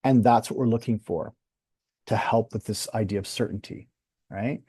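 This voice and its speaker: A man teaching a workshop as a communication coach, calm and measured, acting out sample phrases. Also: on the low side, breathy edge, no room sound, studio quality.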